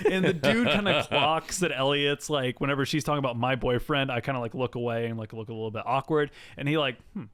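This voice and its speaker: A man at middle pitch tells a TV episode's story in a casual, meandering way, packing in fillers and acting out dialogue on the fly. His voice is smooth and clear. The sound is close and dry, with no room around it. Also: quick pace, hardly any pauses, fairly bright tone, no echo. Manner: rambling, filler-heavy storytelling that acts out the characters' lines. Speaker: podcast co-host recapping a TV episode. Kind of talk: casual chat.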